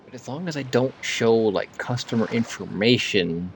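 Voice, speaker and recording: A man's voice: mid-range voice, expressive, moderate pace, a little hiss or hum. A man streaming while gaming, chatting in a rambling way and slightly slurring his words. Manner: rambling, full of "like" fillers. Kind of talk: casual live-stream chat while gaming.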